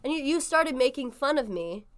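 Animated young woman telling a story. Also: high voice, normal speed. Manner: animated storytelling, acts out voices. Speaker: podcast co-host. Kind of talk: casual chat.

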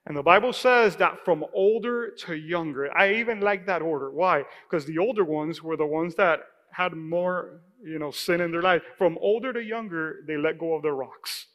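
High, bright-voiced preaching man. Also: normal speed, hardly any pauses, big-room sound. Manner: emphatic preaching, calls for congregation response. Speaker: pastor. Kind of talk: sermon. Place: church sanctuary.

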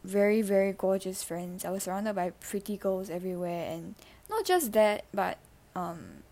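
A teenage girl talks into a handheld mic for her personal podcast. Her pitch sits mid-range, and her speech is halting and emotional, full of ums and restarts. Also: lively intonation, gravelly, mellow. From Singapore. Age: teens. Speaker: podcast host.

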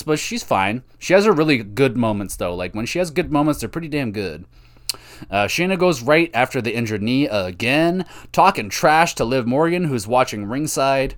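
A man's voice: medium pitch, sing-song, normal speed, fairly bright tone. A man hosting a podcast, casually recapping a wrestling show on his own, chatty and swearing, cheering for his favorite wrestlers.

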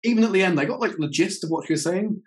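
A man who teaches English, hosting a casual interview and telling lively stories in which he quotes himself. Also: sits high, fast talker, low-quality recording. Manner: animated storyteller, quotes himself in reported speech.

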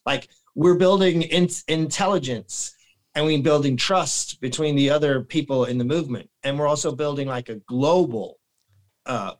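Rambling, animated higher-voiced man. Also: moderate pace, rough recording. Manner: rambling and animated, with many restarts and throat clearing. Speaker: podcast guest. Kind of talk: casual podcast chat.

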